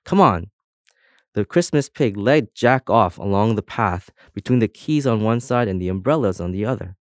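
A man narrates a storybook with expressive, lively storytelling. His voice sits fairly low, and the recording is dry and close to the mic. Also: moderate pace, no room sound. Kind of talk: audiobook narration.

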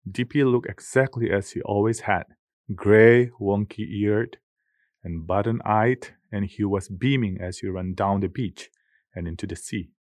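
Low-voiced man reading an audiobook. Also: no echo, studio quality. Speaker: audiobook narrator. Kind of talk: scripted narration.

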